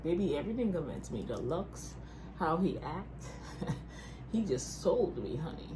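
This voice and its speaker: Woman, Bahamian accent, young adult, chatty, giggly, slightly low voice. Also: very animated, a little slow, background noise. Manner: giggly, chatty, laughs often. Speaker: YouTube couple co-host. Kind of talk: casual couples Q&A chat.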